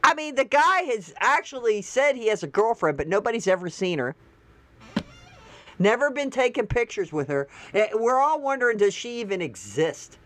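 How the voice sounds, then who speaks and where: A woman's voice: a little high, big pitch swings, moderate pace. A woman hosting online commentary, reading social media posts aloud with incredulous, sarcastic asides. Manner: reads posts aloud and laughs.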